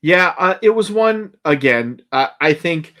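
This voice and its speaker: A man co-hosting a podcast, chatting in a relaxed, agreeable way with dry humor. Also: fairly high pitch, unhurried. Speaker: podcast co-host. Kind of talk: casual chat reviewing a show.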